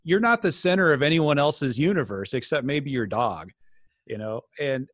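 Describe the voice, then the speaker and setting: A man's voice: medium pitch, expressive, moderate pace, fairly bright tone, no room sound, studio quality. A man hosting a podcast interview, talking in a casual, conversational way and adding rhetorical asides. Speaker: host.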